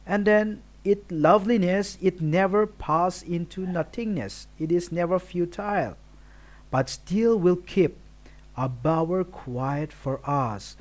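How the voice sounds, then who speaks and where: A man giving a recorded poetry lesson, explaining slowly and listing words one by one. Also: sits high. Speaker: teacher.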